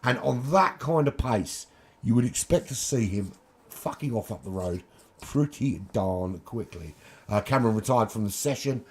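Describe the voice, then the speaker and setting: A man commentating a sim racing qualifying session in a chatty, cheeky way, with casual swearing and quick asides. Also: mid-range voice, animated, breathy edge. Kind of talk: live esports race commentary.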